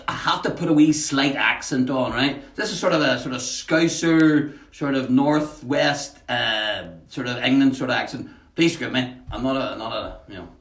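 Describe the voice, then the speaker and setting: Poet, chatty livestream host, slightly high voice, echoey room, off-mic. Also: male voice, fairly bright tone. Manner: chatty, greets viewers by name, halting with many fillers. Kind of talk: casual live-stream chat and poetry reading. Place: at home, in a house.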